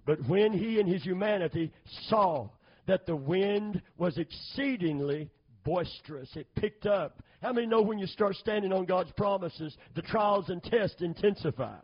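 A middle-aged man preaching a sermon, calling for amens and building to loud, fervent emphasis. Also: high-pitched, lively intonation, normal speed, husky. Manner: call-and-response, asking for amens. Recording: dull lo-fi sermon recording.

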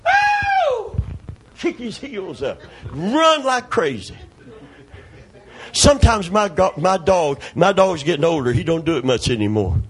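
A middle-aged man preaching a sermon, calling out to the congregation and breaking into loud shouts as he tells stories. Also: fairly high pitch, sing-song, normal speed, hardly any pauses. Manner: call-and-response preaching, calls for amen, storytelling, sudden shouts.

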